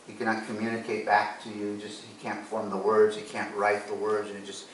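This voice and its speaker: A man's voice: on the low side, completely flat delivery, brisk, slight background noise. Guy preaching from the pulpit, earnest story, sounds far off in a big echoey church. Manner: earnest storytelling, acts out dialogue. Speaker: pastor. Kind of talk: sermon with personal story. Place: church sanctuary.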